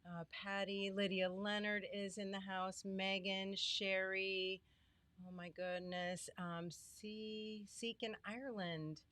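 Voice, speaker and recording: A woman's voice: medium pitch, level tone, slow pace, fairly bright tone, dry recording. A middle-aged woman hosting a live stream from her home studio, greeting viewers by name in a chatty, heartfelt way. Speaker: livestream host and small business owner. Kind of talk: casual live stream chat.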